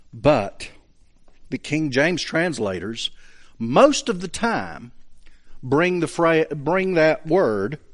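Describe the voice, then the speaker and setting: A man preaching a sermon, teaching through scripture verse by verse with emphatic, drawn-out stresses when he reads verses aloud. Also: mid-range voice. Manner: slow, emphatic Bible teaching with rising bursts of emphasis.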